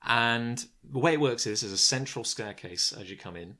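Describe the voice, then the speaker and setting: A man's voice: mid-range voice, moderate pace, bright, forceful tone. A man hosting a casual podcast, telling a story with lots of fillers and frequent laughs. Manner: rambling storyteller, laughs often, many fillers. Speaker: podcast host. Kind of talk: casual chat.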